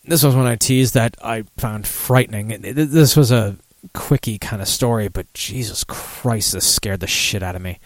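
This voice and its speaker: A man's voice: on the low side, moderate pace, dry recording. A man hosting a casual one-man talk show, rambling and swearing, laughing at his own remarks. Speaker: radio show host.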